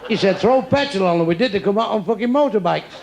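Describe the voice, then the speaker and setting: A man's voice: high-pitched, lively intonation, fast talker, creaky, lo-fi sound. An older man doing crude stand-up, teasing audience members with insults and one-liners. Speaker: stand-up comedian. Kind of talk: stand-up crowd work. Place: comedy club stage. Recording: noisy live club recording. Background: audience laughter.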